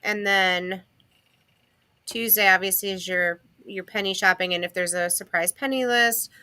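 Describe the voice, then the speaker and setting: A woman's voice: mid-range voice, steady tone, moderate pace, pushed and bright. A tired woman co-hosting a livestream in casual, rambling chat. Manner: chatty, laid-back, self-interrupting. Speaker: co-host.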